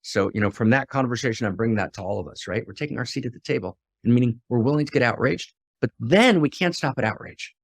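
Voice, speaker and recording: A middle-aged man giving an impassioned spiritual talk. He drops to a hush, then rises to fiery outbursts full of rhetorical questions and repetition. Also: medium pitch, fast talker, few pauses, dry recording. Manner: swings from hushed to fiery and exclamatory. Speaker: spiritual teacher.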